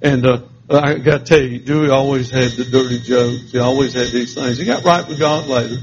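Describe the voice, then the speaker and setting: A man's voice: mid-range voice, fairly even intonation, brisk. A man preaching a sermon and telling his own testimony, in an emotional, repetitive cadence with stammered restarts. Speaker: pastor. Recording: slightly muffled recording with faint background noise.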